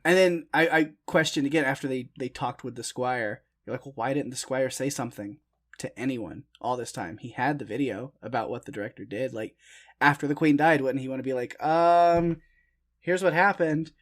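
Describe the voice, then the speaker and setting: A young man co-hosting a podcast, talking through a film in a relaxed, rambling way with plenty of fillers. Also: mid-range voice, fairly quick. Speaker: podcast co-host. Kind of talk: casual film discussion.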